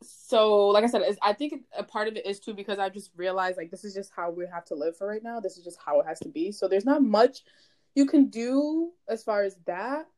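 A woman's voice: medium pitch, fairly quick, a little mellow. A young woman in loose, rambling casual chat, full of fillers, easy laughter and swearing.

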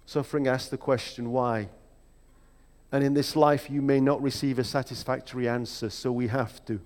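A man preaching a sermon in a reflective, measured way, with emphatic rhetorical questions. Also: mid-range voice, fairly even intonation, darkish tone. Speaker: pastor. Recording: long hall reverb.

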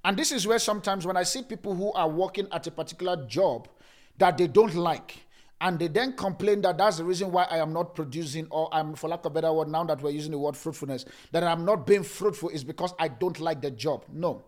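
A male pastor with a high voice preaches a sermon. He repeats key phrases for emphasis. He moves between loud, emphatic preaching and soft, laughing asides. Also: fast.

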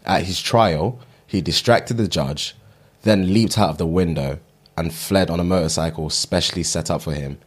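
A man co-hosting a casual podcast chat reads out a fun fact, stumbling over names and laughing at himself. His voice is deep and slightly rough, at normal speed.

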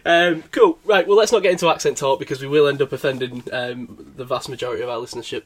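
A man hosting a casual podcast chat, upbeat and teasing his co-host. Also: mid-range voice.

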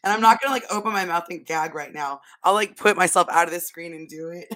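Woman co-host, lowish and slightly worn voice, playful banter. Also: fast, a bit bright. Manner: playful, laughing. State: losing her voice. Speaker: podcast co-host. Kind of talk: casual chat.

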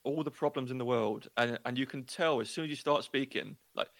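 A man's voice: mid-range voice, brisk, vocal fry, no echo. Chatty man with an English accent. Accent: English, Luton. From England. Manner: chatty, animated storytelling with quoted voices. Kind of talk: casual chat.

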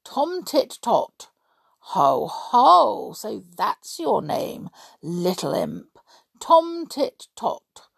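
A timid little male gnome from a storybook, pleading and anxious, as a woman reading aloud puts him on. The voice sits a bit higher, with a gravelly, husky edge. He talks slowly. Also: big pitch swings, no echo, clean studio sound, exaggerated voice. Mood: gleeful.

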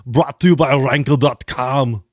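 A man co-hosts a relaxed podcast chat and laughs easily between lines. His voice sits in a middling register. It is recorded close and dry, with no room sound. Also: medium pitch, a little slow, no echo. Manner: laughs often, reads the show intro. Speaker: podcast co-host.

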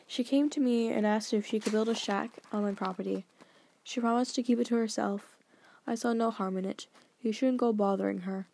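Dropping slightly lower and softer than her narrating voice, a woman plays a severe, formal elderly grandfather who lectures in a slow, solemn way. The tone is steady and the voice has a creaky quality.

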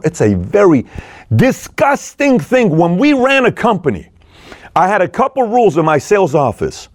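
Male storyteller, lively and expressive, fairly high voice, dry recording. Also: normal speed, no room sound. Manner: energetic, acts out dialogue, swings between loud and low. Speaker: speaker retelling a film and business lessons. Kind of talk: animated storytelling talk.

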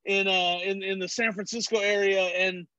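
High-voiced, profane comedian from California. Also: male voice, normal speed, no echo. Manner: animated, profane storyteller who acts out other people's voices. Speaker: comedian guest. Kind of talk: casual chat. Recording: dull, dry recording.

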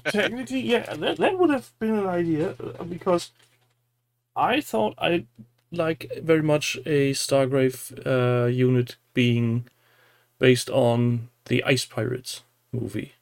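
A man co-hosting a podcast in casual chat, speaking hesitantly with frequent pauses. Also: fairly high pitch, vocal fry. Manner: slow and hesitant, many "uh" fillers. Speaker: podcast co-host.

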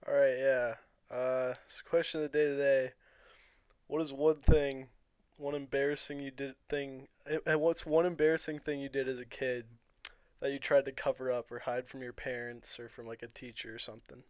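Young male co-host, rambling and filler-heavy storyteller, mid pitch, dry close mic. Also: level tone, normal speed, smooth, no echo. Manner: rambling, filler-heavy, chuckling between phrases. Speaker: podcast co-host. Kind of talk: casual chat, storytelling.

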